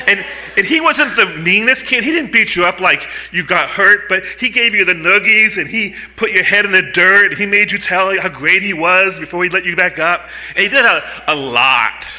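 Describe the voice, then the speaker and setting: An animated storyteller, a man in his fifties, speaking on a live stage into a stand mic. His voice sits fairly high for a man and has a forceful, sharp edge. He delivers his story with punchy, comic timing. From United States. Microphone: mic on a stand in front of him.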